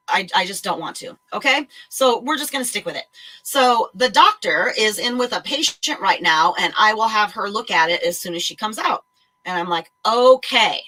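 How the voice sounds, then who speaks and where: A woman telling a story in a blunt, animated way and swearing freely. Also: medium pitch, low-quality recording. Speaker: vlogger. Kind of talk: casual chat, ranting story.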